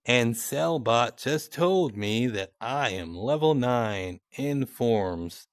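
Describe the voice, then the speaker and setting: A man's voice: mid-range voice, expressive, takes it slowly, no echo, clean studio sound. A young man and content creator giving casual, mocking commentary on chat messages in a sarcastic tone.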